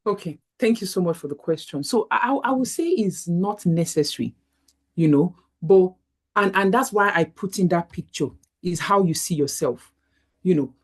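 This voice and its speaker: A woman's voice: lowish voice, lively intonation, moderate pace, slightly rough. A middle-aged woman doctor, reassuringly answering a question in an online career workshop. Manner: reassuring, explanatory, with many "you know" fillers.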